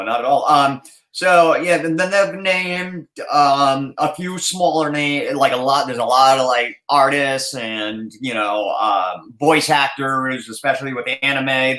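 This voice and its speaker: Bright-voiced man in an echoey room. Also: medium pitch, measured pace, few pauses. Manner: rambling, many fillers and restarts. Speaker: podcast host. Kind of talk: casual podcast chat. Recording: roomy echoey sound.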